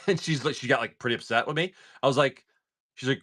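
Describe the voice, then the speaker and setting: A man's voice: mid-range voice, fast talker, pushed and bright. A man hosting a casual livestream, rambling through stories full of "like" while opening trading cards. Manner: rambling storyteller, lots of "like".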